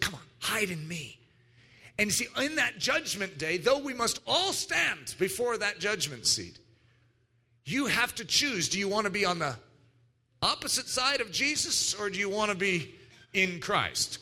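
A man preaching a sermon, emphatic and animated, acting out little quoted voices as he teaches. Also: high-pitched. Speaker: pastor.

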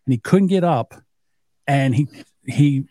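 A man's voice: mid-range voice, animated, measured pace, warm tone, a little hiss or hum. A man in his fifties telling family stories in a casual, profane way and acting out the quotes himself. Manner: storytelling, profane, acts out quotes. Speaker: podcast co-host. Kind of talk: casual chat.

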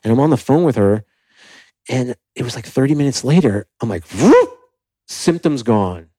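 Speaking fairly quickly in a husky, medium-pitched voice, a young South Florida man shares his story as a podcast guest. He's candid and animated, acts out what people said, and leans heavily on "like"; the audio is poor, with no room sound.

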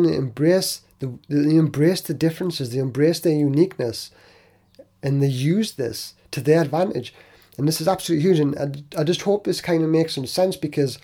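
A man with a slightly high, husky voice hosts a solo motivational podcast. His tone is warm and mellow, and he talks earnestly into the mic, often repeating himself or restarting a sentence before pushing on. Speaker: podcast host.

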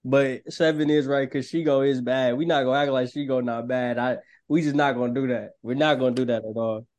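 A man co-hosting a casual film podcast, joking and quick to laugh as he quizzes his co-hosts. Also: mid-range voice. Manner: joking, animated, laughs often. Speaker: podcast co-host. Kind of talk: casual chat.

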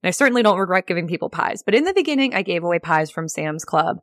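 Upbeat woman podcast host with a lower voice, chatty teaching tone, recorded dry and close. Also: expressive, quick pace, a bit bright, no room sound. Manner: chatty, upbeat, frequent "like" and laughs. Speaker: podcast host and real estate agent. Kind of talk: casual solo podcast teaching.

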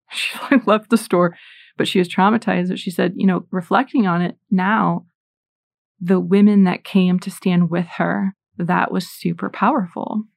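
Woman in her forties for a faith talk: earnest storytelling with scripture readings, lowish voice, dry and close. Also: creaky, a little mellow, no echo. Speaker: Catholic speaker. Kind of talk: faith talk with personal stories.

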